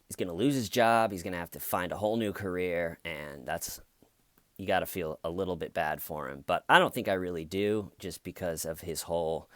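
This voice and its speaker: Low-voiced man telling a story, dry sound. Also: a little fast, a bit bright, no room sound. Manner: rambling, many restarts and self-corrections. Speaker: channel host. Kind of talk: casual storytelling commentary.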